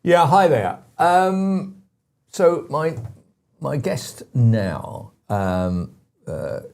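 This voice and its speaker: A man's voice: mid-range voice, darkish tone. A man with a British accent hosting a talk radio show, rambling and exasperated, with lots of fillers and restarts. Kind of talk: opinionated talk radio chat.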